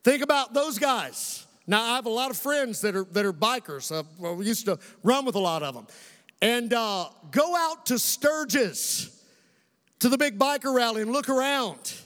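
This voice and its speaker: A very high-pitched man with a Kentucky accent preaches to his congregation, stretching key phrases and calling out for responses. His voice carries a long reverb, like it is filling a large church hall. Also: animated, fairly bright tone. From Western Kentucky. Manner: preacher's cadence, slowing for emphasis, calling on the congregation. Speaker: pastor. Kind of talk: sermon.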